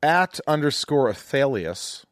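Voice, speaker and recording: Teasing, lively-voiced man hosting a podcast. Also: medium pitch, measured pace, no room sound, clean studio sound. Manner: teasing, blunt, reads listener questions. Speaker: podcast host. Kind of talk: casual podcast interview.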